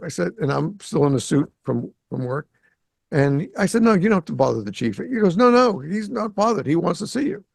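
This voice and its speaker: A man who grew up around Boston hosts a conversation, telling his story with a gravelly, slightly raised voice. He slips into the voices of the people he quotes. The sound is close and dry, with no room echo. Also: fairly high pitch. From Greater Boston. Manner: animated storyteller who acts out quoted dialogue. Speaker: podcast host. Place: home in South Florida.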